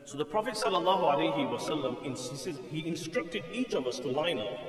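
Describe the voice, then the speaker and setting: A man's voice: on the high side, expressive, fast, recorded from a distance, faint music behind. Man lecturing in an echoey hall. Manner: tells the story vividly, chants the call to prayer melodically. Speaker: mufti giving a mosque lecture. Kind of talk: storytelling religious lecture. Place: mosque prayer hall.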